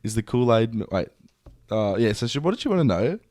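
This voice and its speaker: A man's voice: medium pitch, big pitch swings, a little fast, warm tone, no room sound, clean studio sound. A man, co-hosting a podcast and telling a story in casual chat. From Australia. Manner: storytelling, laid-back. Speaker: podcast co-host.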